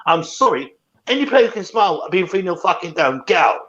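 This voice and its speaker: A man's voice: high voice, very animated, a little fast, a bit bright. A man co-hosting a football fan show, ranting angrily and swearing constantly. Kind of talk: casual post-match fan chat. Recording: dull lo-fi sound.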